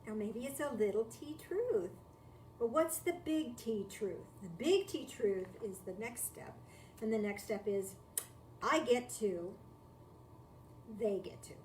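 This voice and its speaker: Woman, spiritual teacher, slightly high voice, reflective talk with rhetorical questions, faint background noise. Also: animated, unhurried, darkish tone. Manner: reflective, repeats key phrases, asks rhetorical questions. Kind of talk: live-streamed spiritual talk. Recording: echoey room, distant mic, faint noise.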